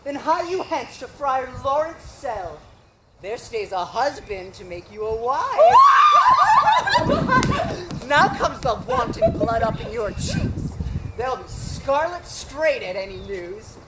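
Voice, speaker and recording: A woman's voice: sits high, huge pitch swings, heavy background noise, exaggerated voice. The Nurse, a woman playing a bawdy old nurse. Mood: teasing. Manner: teasing, groaning and laughing, drawn-out. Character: garrulous older female nurse, bawdy and complaining. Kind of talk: live stage acting.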